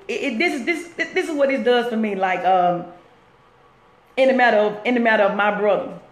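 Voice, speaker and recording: A woman talking on a live stream from work, earnest and preachy, repeating her points as she encourages viewers. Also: a little high. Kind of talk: casual live-stream talk. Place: at work, roomy space. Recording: echoey room.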